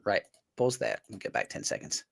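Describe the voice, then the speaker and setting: A man hosting a live after-show stream, relaxed and chatty, reading out viewer comments while working his screen. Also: normal speed. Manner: relaxed, reads chat comments aloud, talks while doing tasks on screen. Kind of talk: casual live-stream chat.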